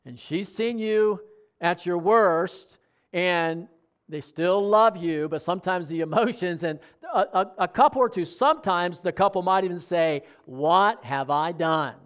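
A middle-aged pastor delivers a sermon in a high, unhurried voice. His preaching is conversational, and he puts questions to his congregation as he goes.

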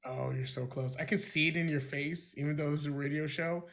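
Animated man swearing through quiz banter. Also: on the high side, fairly quick, vocal fry. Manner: animated, swears freely, laughs often.

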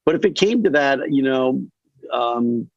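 A man from Delaware, a guest actor in a casual podcast chat, rambling and animated with lots of fillers. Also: a little high, measured pace, creaky, no room sound, lo-fi sound. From Delaware, USA.

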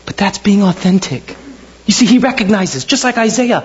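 A male pastor preaching a sermon, telling biblical stories with animated storytelling and acting out the figures. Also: sits high, moderate pace, husky, highs cut off.

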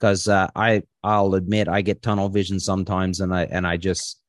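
A man's voice: low-pitched, level tone, moderate pace, dry recording. A man hosting a podcast, chatting casually in a rambling way, full of fillers and swearing. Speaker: podcast host. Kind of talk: casual chat.

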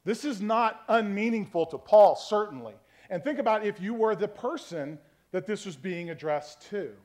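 A man's voice: high voice, lively intonation, moderate pace, a little mellow. A man preaching a conversational sermon, teaching from scripture and checking in with his listeners, often asking "okay?". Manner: varies tone to demonstrate meanings. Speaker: pastor.

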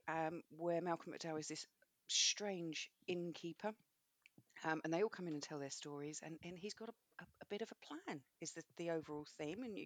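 A woman's voice: fairly low pitch, dry recording. A woman co-hosting a podcast, chatting casually with a lot of swearing and laughter. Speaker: podcast co-host. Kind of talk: casual chat.

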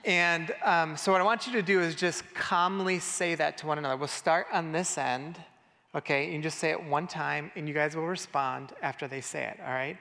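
A man's voice: on the high side, fairly even intonation, moderate pace, creaky, bright, forceful tone. A man preaching a casual, conversational sermon and directing his congregation, talking loosely with fillers. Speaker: pastor. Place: church hall. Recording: reverberant hall.

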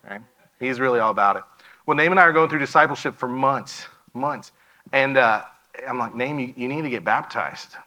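A man's voice: mid-range voice, pushed and bright, poor audio. A man giving a missionary presentation in a church, telling a story and acting out the dialogue of the people in it.

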